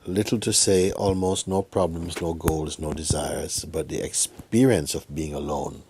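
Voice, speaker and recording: A man giving a soft-spoken spiritual talk, telling a personal story and often sinking to a hush. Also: sits low, measured pace, noisy background. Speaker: spiritual teacher.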